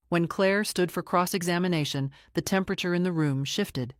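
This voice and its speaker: Woman narrating a drama, low and dry. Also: moderate pace, hardly any pauses, no room sound. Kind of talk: scripted story narration.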